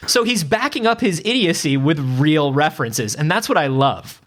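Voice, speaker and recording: Animated sarcastic male podcast co-host. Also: on the high side, moderate pace. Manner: animated, sarcastic, swears casually. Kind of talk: casual comedic chat.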